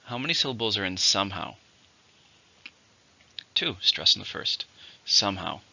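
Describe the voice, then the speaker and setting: Gravelly, bright-voiced male vocabulary teacher. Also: on the low side, expressive. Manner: slow, clear, deliberate pronunciation drills. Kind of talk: recorded vocabulary lesson. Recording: dull lo-fi recording.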